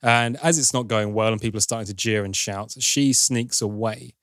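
A man's voice: fairly low pitch, moderate pace, a bit bright, no echo, clean studio sound. A man hosting a podcast, casually recounting a film's plot in a wry, lightly sardonic storytelling manner. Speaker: podcast host recapping a film. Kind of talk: casual film recap chat.

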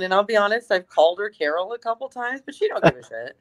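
A woman chatting casually and telling an animated story, swearing freely and using lots of fillers. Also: on the low side, fairly quick, few pauses.

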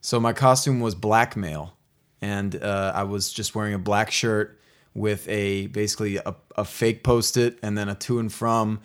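A man co-hosts a podcast and tells stories in an unhurried, casual way. His voice sits a little lower than most men's. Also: steady tone, smooth. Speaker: podcast co-host. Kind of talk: casual chat.

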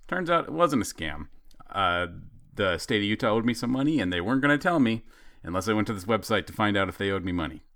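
A man's voice: lowish voice, expressive, a little fast, fairly bright tone, dry recording, studio quality. A man in his thirties telling a story in casual chat, acting out the quoted lines with animation.

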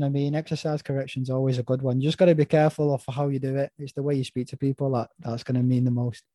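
A man's voice: medium pitch, warm tone, dry recording. A man hosting a casual podcast chat, thoughtful and asking open questions. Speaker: podcast host, personal trainer.

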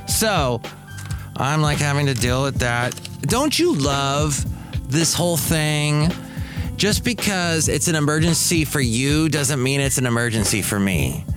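A man hosting a casual solo podcast, talking in a chatty way with sarcastic asides and often mimicking other people in a high voice. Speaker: podcast host.

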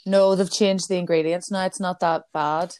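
Blunt Northern Irish woman co-host, lowish voice, swears freely, dry close recording. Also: moderate pace, clear, resonant tone, no echo. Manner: blunt, sweary, animated storytelling. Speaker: podcast co-host. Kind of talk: casual chat.

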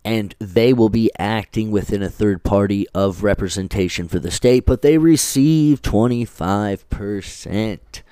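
A man with a low, smooth, clear voice, mellow in tone, who rambles and restarts with lots of fillers while reading dense legal text. He records into a close mic in a dry room with little reverb. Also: measured pace, few pauses. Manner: swears casually. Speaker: podcast host. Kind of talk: casual commentary, reading legal text aloud.

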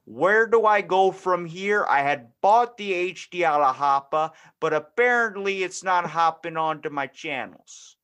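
A man's voice: sits high, lively intonation, measured pace, hardly any pauses, fairly bright tone. A man voicing a senile, tech-clueless old dad in an improvised comedy scene, bumbling and folksy.

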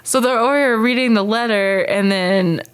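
A woman's voice: on the high side, moderate pace, clear, resonant tone. A woman guest on a casual podcast, chatting about a movie and laughing between her phrases. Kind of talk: casual movie-review chat.

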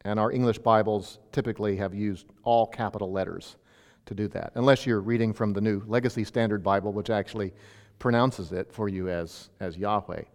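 A man's voice: fairly low pitch, steady tone, brisk, darkish tone, in a large hall. A male pastor teaching an expository sermon in a teacherly way, with emphatic bursts on key points.

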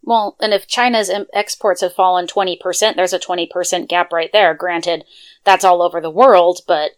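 A woman's voice: lowish voice, steady tone, normal speed. A woman co-hosting a casual political chat, chatty and opinionated.

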